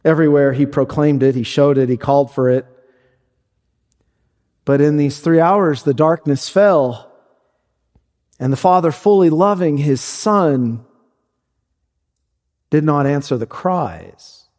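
Slow, deliberate preaching man in a reverberant hall. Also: a little mellow. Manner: slow, deliberate preaching, rising to high emphatic peaks. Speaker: pastor. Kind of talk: sermon.

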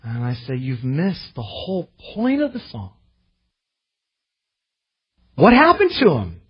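A pastor preaching a sermon in an earnest way, rising to impassioned readings of scripture. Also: male voice, a little high, huge pitch swings, measured pace, long pauses, husky, dull audio.

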